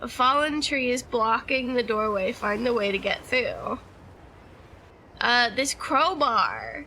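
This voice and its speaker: A woman's voice: fairly high pitch, lively intonation, takes it slowly, pushed and bright, slight background noise, low-quality recording. A woman streaming a game, chatting casually and laughing easily as she plays. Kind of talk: casual gameplay commentary.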